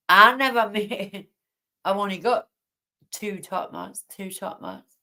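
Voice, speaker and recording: Late at night, a woman hosts a casual livestream from home, speaking in a slow, drawn-out way. She rambles and sounds indignant, stopping to greet people in her chat. Her pitch is ordinary middle range, her tone bright and forceful.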